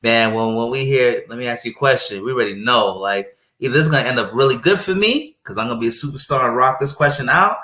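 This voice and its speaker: A medium-pitched man talks fast and sharply, with hardly any pauses, as a paramedic guest being interviewed on a podcast. He tells a story animatedly, repeats phrases for emphasis, and frames things in a faith-centered way. The recording has a roomy echo.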